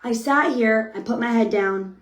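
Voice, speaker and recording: A woman's voice: fairly high pitch, normal speed, reverberant. A woman in her thirties giving a frank, upbeat motivational talk to a sales team, often checking in with "okay?". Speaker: motivational speaker.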